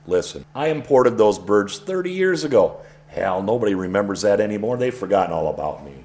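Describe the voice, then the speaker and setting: Man acting a folksy middle-aged country cousin, exasperated, animated pitch, radio soap. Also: fairly quick. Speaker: radio drama actor.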